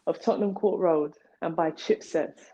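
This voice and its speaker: A low, mellow-voiced woman from Nigeria, interviewed as an artist, talking in a rambling, playful way with plenty of wordplay. The recording is dull and lo-fi. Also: moderate pace, breathy edge. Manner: playful, tangential, full of wordplay. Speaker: artist guest.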